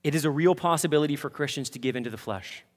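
Male pastor, high voice, fervent sermon delivery, long church-hall reverb. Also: very fast. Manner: passionate preaching, swings from hushed asides to impassioned peaks. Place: church sanctuary.

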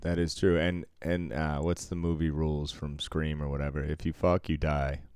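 A man with a subtle Boston accent co-hosting a casual chat show, crude and joking and quick to laugh. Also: very deep voice, flat delivery, darkish tone, clean tone, no room sound, clean studio sound. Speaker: podcast co-host. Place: Las Vegas.

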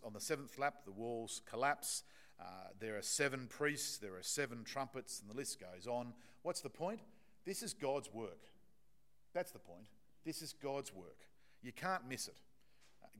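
Male preacher, mid-pitched voice, chatty emphatic sermon, restarts and fillers. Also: a bit bright.

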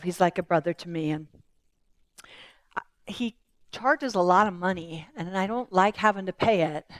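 A woman's voice: mid-range voice, no echo. A middle-aged woman preaching a sermon earnestly, asking pointed questions and voicing people in prayer.

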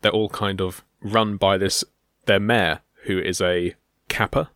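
A man's voice: deep voice, steady tone, measured pace, a bit bright, dry recording, studio quality. A man co-hosting a podcast, talking casually in a rambling way with fillers and frequent laughs. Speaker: podcast co-host. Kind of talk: casual chat.

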